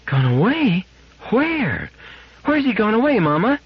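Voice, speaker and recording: A tearful little girl wails and pleads in a high, straining voice that leaps around wildly, as a man reads her in a storybook reading. The sound is dull and lo-fi. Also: huge pitch swings, unhurried, slightly rough, no room sound, full character voice. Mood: dismayed.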